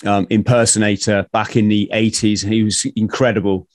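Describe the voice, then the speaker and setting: A man's voice: lowish voice, little pitch movement, moderate pace, dry recording, studio quality. A man hosting a podcast, chatting informally in a jokey way. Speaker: podcast host. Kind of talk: casual conversation.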